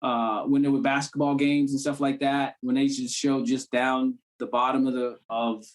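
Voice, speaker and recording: A guest actor from Cambridge, Massachusetts chats loosely in a casual conversation, dropping plenty of "you know what I'm saying" fillers. His voice is medium-pitched and flat, at a normal pace.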